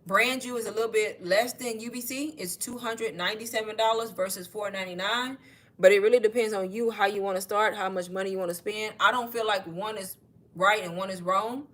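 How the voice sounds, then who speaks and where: A woman's voice: medium pitch, fairly even intonation, a little fast, fairly bright tone. A chatty woman on a livestream. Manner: chatty, addresses viewers as y'all. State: out of breath. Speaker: online marketing creator. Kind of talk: casual livestream sales talk.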